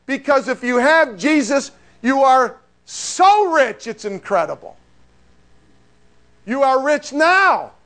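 Male pastor, higher register, emphatic sermon storyteller. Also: big pitch swings, slow pace. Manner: emphatic storytelling preacher, dropping to hushed prayer.

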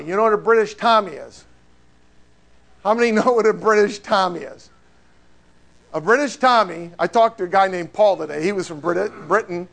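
Male pastor, higher register, emphatic sermon storyteller. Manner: emphatic storytelling preacher, dropping to hushed prayer.

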